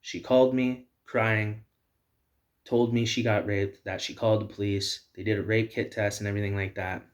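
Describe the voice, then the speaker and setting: A man's voice: on the low side, level tone, moderate pace. A man hosting a video, delivering heated, repetitive personal commentary. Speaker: video host.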